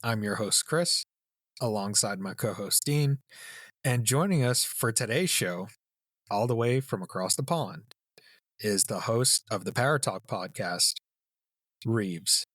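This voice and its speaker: A man's voice: fairly low pitch, animated, measured pace, fairly bright tone, dry recording, studio quality. A man hosting a podcast, reading a welcoming introduction of the show and guest. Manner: announcing, welcoming. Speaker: podcast host.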